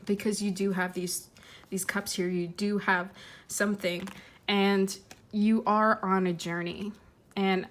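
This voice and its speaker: Woman tarot reader, soft earnest delivery, fighting back tears, halting fillers. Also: medium pitch, flat delivery. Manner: gentle, heartfelt, with many fillers and restarts. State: tearful, fighting emotion. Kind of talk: intuitive tarot reading to camera.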